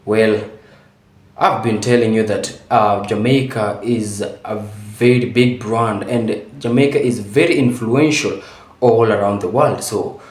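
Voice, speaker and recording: A man hosting his YouTube channel, introducing a video in a relaxed way with frequent fillers. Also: on the low side, a little slow, roomy sound. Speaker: YouTube host.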